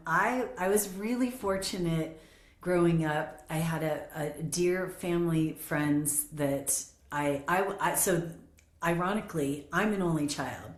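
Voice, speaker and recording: A woman's voice: deep voice, a little mellow. A middle-aged woman in a candid conversation, talking reflectively with many restarts and frequent laughter. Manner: reflective, halting, laughs often. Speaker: roundtable guest. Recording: roomy echo.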